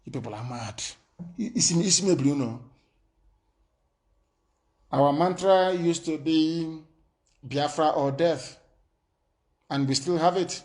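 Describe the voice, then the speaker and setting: A man's voice: on the high side, takes it slowly, long pauses, a little mellow. A man giving an impassioned, defiant political broadcast full of warnings and threats.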